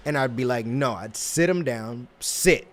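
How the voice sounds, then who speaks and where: A man hosting a casual self-help talk, rambling with many restarts and fillers, and acting out little scenes with quick put-on voices. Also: medium pitch. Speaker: host.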